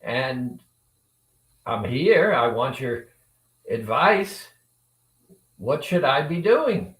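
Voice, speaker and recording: Male coach, slow and expressive, plays both voices in his story; recorded from a distance in an echoey room. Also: mid-range voice. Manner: acts out both sides of a dialogue with lively shifts. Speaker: weight-loss coach. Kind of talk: motivational storytelling talk.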